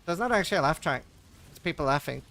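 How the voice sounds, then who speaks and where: A man with a somewhat high-pitched voice chats on his livestream into a desk mic. He tells rambling anecdotes full of fillers and casual swearing, and laughs along at his own stories. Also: expressive, quick pace, a bit bright. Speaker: livestream host. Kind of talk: casual storytelling chat.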